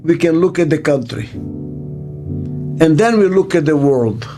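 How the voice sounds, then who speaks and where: An older man with a Hebrew mother tongue, a business consultant speaking in an interview, slow and emphatic, repeating his key words. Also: on the high side, expressive, over music. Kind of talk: interview monologue.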